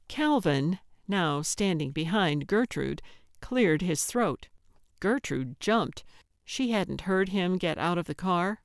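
Measured woman narrating an audiobook. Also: on the low side, clear, resonant tone, no room sound, clean studio sound. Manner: steady, measured reading. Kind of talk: scripted narration.

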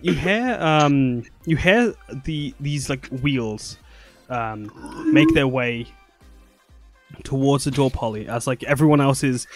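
A man's voice: medium pitch, slow, soft background music. A man narrating as dungeon master, rambling with many fillers. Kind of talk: narrating a tabletop game.

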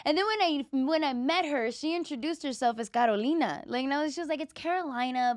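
A woman hosting a comedy podcast in casual chat, loud, laughing often and swearing freely. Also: sits high, quick pace, hardly any pauses, no echo, studio quality. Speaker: podcast host.

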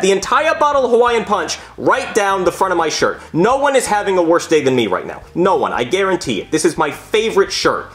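A man playing a self-absorbed, petty doctor in a comedic puppet skit, who speaks in a self-pitying, snide and deadpan way. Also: on the high side.

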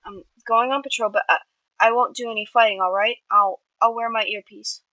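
A woman's voice: medium pitch, fairly quick, bright, forceful tone, no echo, muffled recording. A woman voicing a stubborn teenage boy vigilante who brushes off worry. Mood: defiant.

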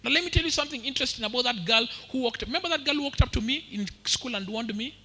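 A young Kenyan man preaching with a high, piercing, brilliant voice. He tells his story with lively energy and slips into street slang. The sound rings out through a large hall with a long echo. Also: racing, slightly rough. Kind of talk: storytelling sermon. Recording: echoey hall with long reverb.

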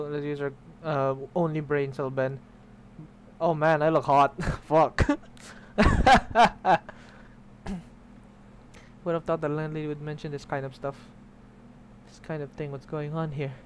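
A man's voice: on the high side, a little hiss or hum. A young man streaming a game, chatting casually, swearing and reading the game's text aloud. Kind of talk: casual let's play commentary.

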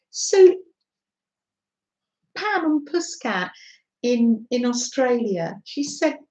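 A middle-aged woman hosting a craft live stream, chatting gently with viewers and laughing often. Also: fairly high pitch, low-quality recording. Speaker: craft livestream host. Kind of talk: casual live-stream chat.

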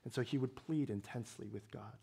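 A man's voice: mid-range voice, a little fast, vocal fry, warm tone, breathy edge. A male pastor preaching a sermon, explaining scripture in a conversational way with wry humor.

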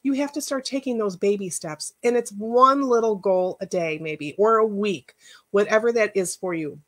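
A woman's voice: mid-range voice, normal speed. A middle-aged woman life coach giving a casual workshop talk, earnest and emotional, chatty with many asides. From Northwest Indiana, United States.

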